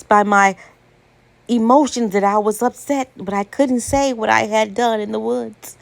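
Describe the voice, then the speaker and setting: A woman telling a dramatic first-person story in an unhurried, deliberate way. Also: on the high side, gravelly, no echo.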